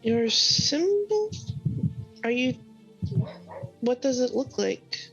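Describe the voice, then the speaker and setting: A woman player answers in a slow, hesitant, puzzled way, with a gravelly creak in her voice. Her dull, lo-fi mic carries faint music underneath. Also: high voice, sing-song, fairly bright tone. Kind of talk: in-character play.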